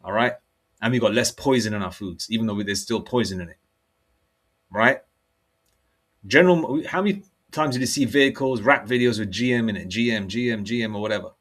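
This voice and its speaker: A man's voice: on the low side, fairly bright tone. A middle-aged man with a British accent, preaching in a loose, profane monologue and checking in with his listeners. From United Kingdom. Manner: blunt and profane, with frequent "okay?" and "all right?" check-ins; reads scripture aloud slowly. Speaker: religious preacher.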